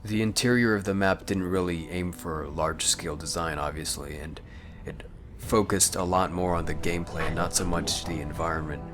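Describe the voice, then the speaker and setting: A man's voice: deep voice, steady tone, moderate pace. A man giving voice-over commentary on a game walkthrough, talking in a thoughtful, analytical way with frequent hedges. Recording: voice over loud game music.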